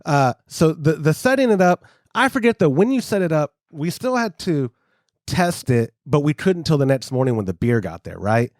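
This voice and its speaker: Man, podcast co-host, animated and rambling, self-mocking; dry close sound. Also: a little high, moderate pace, no echo. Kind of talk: casual chat.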